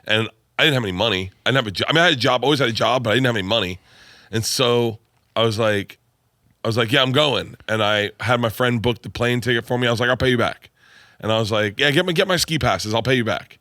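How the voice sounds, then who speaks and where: A man co-hosting a podcast, telling crude stories in casual chat and bursting into loud laughter. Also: medium pitch, fast, no room sound, clean studio sound. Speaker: podcast co-host.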